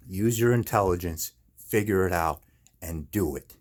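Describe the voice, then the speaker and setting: Man in chronic pain, slightly low voice, angry profane rant to camera, repeats himself. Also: normal speed. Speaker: video maker. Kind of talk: angry ranting monologue.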